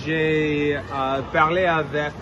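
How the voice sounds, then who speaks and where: A man with a Quebecois French accent, speaking haltingly and searching for words with many filler sounds. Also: fairly high pitch, little pitch movement, dull audio. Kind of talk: halting casual chat in French. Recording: noisy crowd around.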